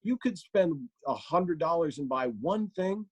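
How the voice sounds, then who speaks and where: Animated man talking comedy. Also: a little high, husky, no room sound. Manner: animated, slips into quick impressions. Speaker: guest comedian and voice actor. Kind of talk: casual podcast chat.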